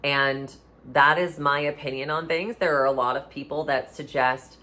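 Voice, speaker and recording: A woman's voice: sits low, steady tone, moderate pace, sharp tone. A woman talking about breathing and the body in a casual, earnest, instructive way, often restarting her phrases. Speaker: podcast speaker on somatic healing. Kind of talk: casual explanatory talk.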